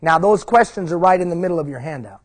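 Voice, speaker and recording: A man's voice: a little high, animated, fast talker. A middle-aged man giving a live leadership seminar, emphatic, repeating key phrases and putting questions to the audience. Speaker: leadership trainer.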